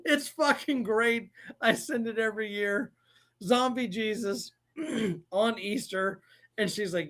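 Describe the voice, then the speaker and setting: A man's voice: high-pitched, takes it slowly, fairly bright tone. A man co-hosting a live stream in casual chat, crude and joking, laughing often.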